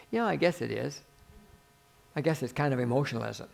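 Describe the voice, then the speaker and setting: A man preaching a sermon, animated, often laughing and swinging between soft musing and loud exclamation. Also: mid-range voice, brisk, creaky, pauses often.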